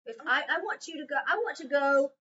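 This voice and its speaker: Lady teacher running reading drills, kinda high voice, far off and muffled in a classroom. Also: expressive, brisk, pushed and bright. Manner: patient, call-and-response drilling. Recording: distant, muffled classroom recording.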